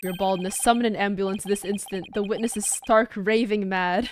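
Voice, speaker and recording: A woman's voice: mid-range voice, steady tone, moderate pace, a little hiss or hum, voice pushed down, lightly acted. A woman voicing a haughty male prosecutor in a video game, speaking in a clipped, contemptuous way. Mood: scornful.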